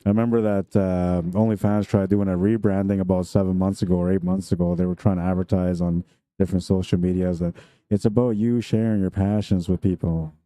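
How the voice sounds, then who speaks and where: A man's voice: sits low, flat delivery, brisk, mellow, dry recording. A man commentating a pool tournament live stream, chatty and jokey, laughing often between remarks.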